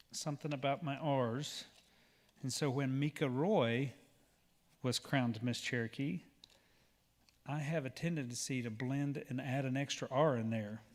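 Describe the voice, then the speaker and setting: A man with an Oklahoma accent hosting a pageant on stage, chatty and joking with the crowd. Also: mid-range voice. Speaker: pageant emcee. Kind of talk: live event hosting. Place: large auditorium. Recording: long hall reverb.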